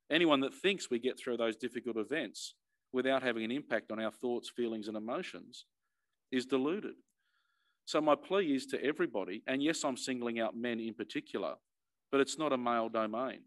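A middle-aged Australian man speaks in an earnest, emphatic way, at a moderate pitch for a man. He often repeats a word as he restarts a thought, like a commissioner making a personal plea. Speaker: fire and emergency commissioner.

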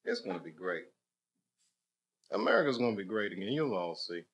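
A man tells a loose, rambling stand-up story at a brisk pace on a comedy club stage. He alternates between low muttering and loud, excited bursts, in a noisy live club recording.

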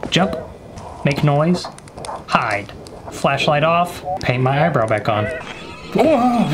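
A young man casually commenting while playing a horror game, joking with the game and his viewers and sometimes dropping to a whisper. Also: medium pitch. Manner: jokey, talks to the game and viewers, whispers when scared. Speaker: gaming YouTuber.

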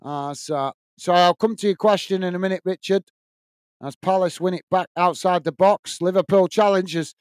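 A man's voice: high-pitched, steady tone, normal speed, no room sound. A man hosting a football watch-along, giving live commentary and chatting with viewers, full of fillers and restarts.

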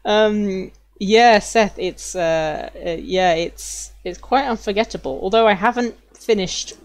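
A woman's voice: medium pitch, measured pace, hardly any pauses. A young woman from London with a British accent, chatting expressively while live-streaming a game.

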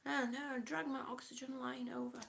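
A woman's voice: high voice, little pitch movement, moderate pace, creaky, fairly bright tone, slight background noise. A woman from Kansas on oxygen, chatting casually to her live-stream viewers, short of breath and greeting them by name. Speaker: vlogger reading live chat.

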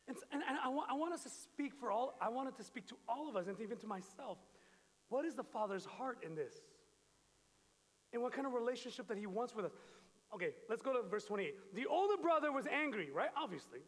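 Animated high-voiced pastor in a hall. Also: male voice. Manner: animated storytelling, jokes with congregation. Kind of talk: sermon. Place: church.

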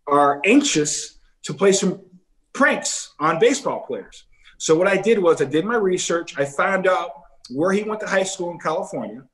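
A middle-aged man, a former ballplayer, telling stories in a casual interview and acting out other people's lines. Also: on the high side. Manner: animated storyteller who acts out other people's lines.

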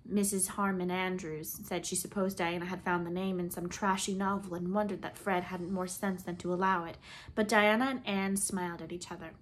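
A woman's voice: on the low side, a little fast, slight background noise. Woman reading a classic novel aloud. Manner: expressive, lilting reading with swelling emphasis. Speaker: audiobook reader.

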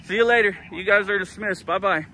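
A man's voice: high voice, brisk, a little hiss or hum. A man filming as an auditor, arguing and taunting police officers outdoors by a station, recorded on his own camera. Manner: confrontational, taunting, shouting at officers. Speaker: first amendment auditor. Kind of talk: heated street confrontation. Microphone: handheld camera.

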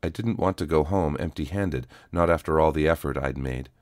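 Male audiobook narrator, strikingly low voice, dry close-mic sound, steady delivery. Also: fairly quick, dry recording. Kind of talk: first-person story reading.

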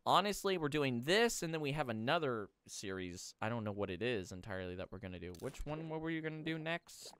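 A young man talks through his game on a headset mic, his clear, resonant voice swinging up and down in pitch as he rants. He sounds exasperated and swears freely, in a casual let's-play style. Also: very animated, a little fast, few pauses, fairly bright tone. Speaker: host. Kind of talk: casual gaming commentary.

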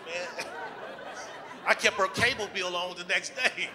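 A man's voice: high-pitched, measured pace, crowd noise, background noise. A man performing a crude stand-up comedy set in a comedy club, with loose punchlines and vivid put-on voices.

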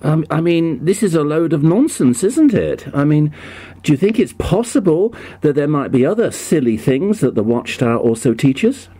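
A man's voice: on the high side, big pitch swings, normal speed, warm tone, breathy edge. A man making a prank phone call in a put-on, poorly done American accent, hesitant and mock-innocent, full of ums and restarts. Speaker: prank caller.

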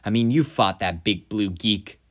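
A man's voice: fairly low pitch, measured pace, close to an everyday voice. Man reading as the Comedian, bitter and drunk. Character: bitter, drunken aging male vigilante breaking down.

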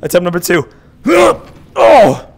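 A male streamer giving casual gameplay commentary, excitable and swearing as he talks back to the game. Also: high-pitched, takes it slowly, creaky.

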